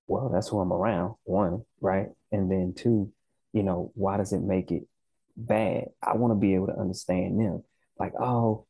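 Southern US man, vlog host: very low, husky voice, easygoing slangy delivery. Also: dark tone, no echo, low-quality recording. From Southern United States. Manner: laid-back, conversational, slangy, frequent "you know" and "right". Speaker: language-learning channel host. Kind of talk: casual vlog talk.

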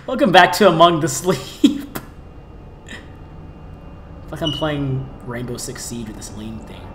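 A young man doing playful, goofy let's play commentary, jumping between loud shouts and mutters. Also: medium pitch, roomy sound, noisy background. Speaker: gaming YouTuber.

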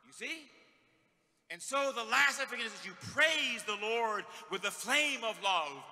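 A middle-aged male priest preaching a sermon, swinging from shouts to hushed words as he tells stories. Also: very high voice, animated, takes it slowly. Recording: long hall reverb.

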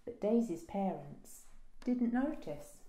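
A woman librarian reading a children's picture book aloud with slow, expressive storytelling. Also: mid-range voice. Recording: roomy echo.

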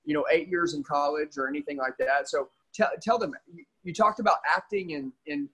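A man's voice: on the high side, fairly quick, fairly bright tone, slightly rough, low-quality recording. A man interviewing a salesman, prompting him with encouraging questions. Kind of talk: casual interview talk.

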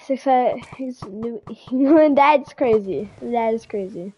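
A fairly high-voiced woman streaming live and chatting loosely with her chat. She talks in easy, repetitive bursts and greets viewers as they come in. A slight cold sits in her voice. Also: slow, mellow, breathy edge. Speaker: game streamer.

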